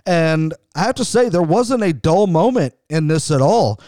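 A man's voice: on the high side, lively intonation, normal speed, mellow, no echo, studio quality. A middle-aged man hosting a wrestling show, giving enthusiastic, conversational commentary with frequent restarts. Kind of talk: podcast commentary.

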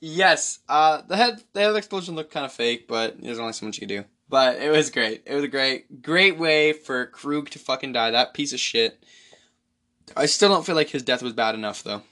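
A man hosting a solo podcast, rambling excitedly and profanely through a movie recap. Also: mid-range voice, normal speed. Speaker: podcast host.

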